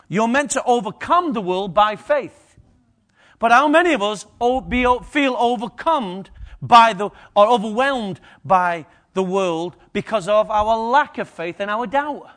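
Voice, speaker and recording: A man preaching a lively sermon to a congregation, acting out the story's characters. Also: sits high, measured pace.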